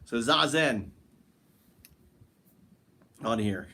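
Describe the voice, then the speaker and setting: A man's voice: mid-range voice, expressive, drawn-out words, sharp tone. Man, livestream host, casual rambling chat, talks to viewers, at home on the floor.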